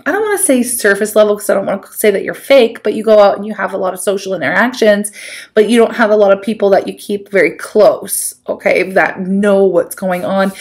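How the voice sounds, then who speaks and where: A woman giving a casual tarot reading to camera, chatty and animated, with many fillers and quick acted asides. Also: medium pitch. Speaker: tarot reader.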